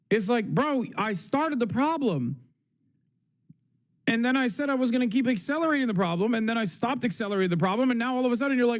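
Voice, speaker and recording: A man's voice: very high voice, lively intonation, fast talker. A man streaming live, ranting about politics in a casual, profane, sarcastic way and mocking people in silly voices. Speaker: live streamer reacting to clips.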